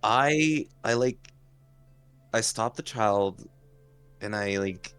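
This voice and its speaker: Casual low-voiced man player. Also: slow pace, a bit bright, clear, resonant tone, soft background music. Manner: casual, describing his character's actions. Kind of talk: casual tabletop play.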